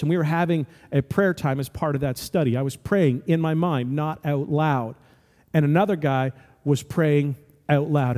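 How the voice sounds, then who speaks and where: A man's voice: a little high, warm tone, in a large hall. A man in his forties preaching a sermon, telling a story and building to emphatic, rising exhortations. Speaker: pastor.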